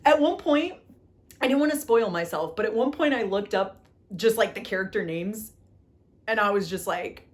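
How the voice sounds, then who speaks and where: A young woman talks through her recent reads in a loose, chatty way at home. She gushes and fumes by turns, circles back to the same phrases, and fills her talk with "like". Her voice sits at an ordinary middle pitch for a woman. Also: expressive, moderate pace. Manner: gushing and exasperated, repeats herself, lots of "like". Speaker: book vlogger. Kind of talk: casual book review chat.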